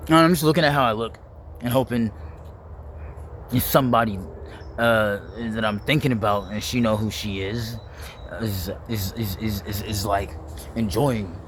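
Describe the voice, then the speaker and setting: A young man, rambling casually to camera, full of "like" and quick to laugh. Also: lowish voice, steady tone, fairly bright tone, a little hiss or hum. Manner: rambling, heavy use of "like", laughs easily. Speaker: vlogger.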